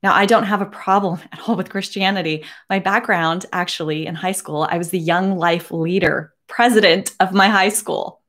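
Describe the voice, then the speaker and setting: A woman in her forties speaking earnestly to camera from her home, emotional and holding back tears, with many halting restarts. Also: lowish voice, a bit bright. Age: 40s. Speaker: beauty vlogger. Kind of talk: personal address to camera.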